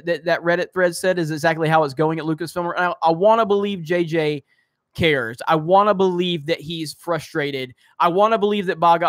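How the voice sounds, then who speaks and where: Live-stream host, man, higher-pitched voice, dry close mic, heated ranting delivery. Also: fairly bright tone, no echo. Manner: heated, ranting, swears at trolls. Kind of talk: live-stream commentary reading chat.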